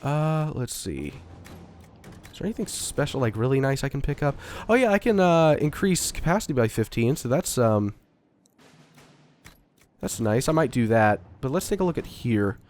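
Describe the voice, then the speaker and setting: A man's voice: medium pitch, very animated, normal speed, darkish tone. A young man from the Dallas–Fort Worth area, getting over a cold, giving casual, rambling gameplay commentary with frequent swearing and fillers. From Dallas–Fort Worth area, Texas. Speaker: let's-play gamer.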